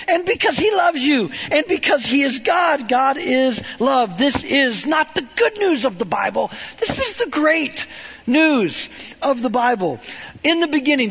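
A man preaching a storytelling sermon in an animated, conversational way, often checking in with "right?". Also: very high voice, breathy edge.

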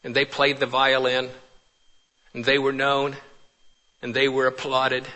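A man preaching a sermon with passion, swinging from urgent pleading to hushed, quiet lines. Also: mid-range voice, completely flat delivery, unhurried. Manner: impassioned, swings from loud pleading to hushed near-whispers.

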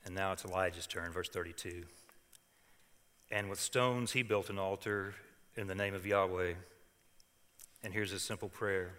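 An older man preaching a sermon, reading scripture dramatically, swinging between hushed lines and loud calls. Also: low-pitched, fairly even intonation, normal speed, pauses often, in a large hall. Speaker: pastor.

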